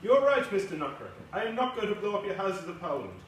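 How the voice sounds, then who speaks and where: A man's voice: sits high, sing-song, fast talker, a little hiss or hum, voice pushed up. A man voicing a scheming mustached male villain in a put-on French accent during a book reading. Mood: smug. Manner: formal, gloating, stiff phrasing. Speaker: villain in a read-aloud novel. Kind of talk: author reading aloud. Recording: echoey room from a distance.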